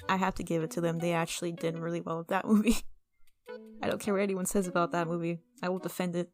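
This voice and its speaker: A young woman talking casually and excitably as she vlogs over a speedpaint, rambling with restarts and asides. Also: on the low side. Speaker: artist vlogger.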